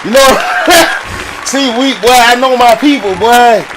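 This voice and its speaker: Reaction host, male, high-pitched, loud and animated, noisy backdrop. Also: takes it slowly, crowd noise. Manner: loud, animated, often shouting and cackling. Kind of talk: laughing reaction commentary.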